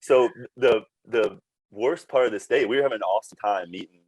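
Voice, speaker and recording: A man's voice: lowish voice, a little fast, a little mellow, no echo, rough recording. A man, a former team PR staffer, telling casual stories as a podcast guest and laughing through them. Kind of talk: casual storytelling chat.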